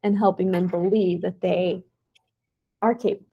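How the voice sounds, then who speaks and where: A woman's voice: lowish voice, steady tone, normal speed, breathy edge, muffled recording. A young woman teacher giving a casual presentation to teaching aides, with plenty of "um"s along the way. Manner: casual, with many "um"s and "y'all".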